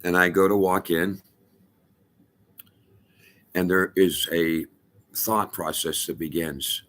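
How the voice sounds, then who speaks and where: A middle-aged man telling a personal story as testimony, halting and emphatic with many restarts. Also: sits low, steady tone, fairly bright tone. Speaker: storyteller addressing a rabbi.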